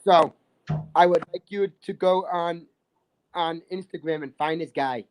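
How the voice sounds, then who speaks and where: A man's voice: fairly high pitch, unhurried, slight background noise. A man telling a rambling story in casual chat, restarting phrases and filling with "like". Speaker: livestream guest.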